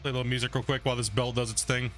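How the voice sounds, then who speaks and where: A man's voice: medium pitch, little pitch movement, rapid-fire, fairly bright tone, faint music behind. A man live streaming a game, chatting casually and rambling with lots of fillers like "man" and "right," sometimes talking between bites of food. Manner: talks between bites while eating. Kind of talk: casual live stream chat while playing.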